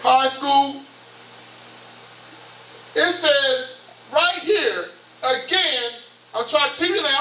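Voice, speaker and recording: A man's voice: very high-pitched, very slow, long pauses, sharp tone, slight background noise. A man in his fifties with a Southern US accent, preaching a sermon as bishop with impassioned rhetorical questions. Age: 50s. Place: church sanctuary. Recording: echoey church from far off.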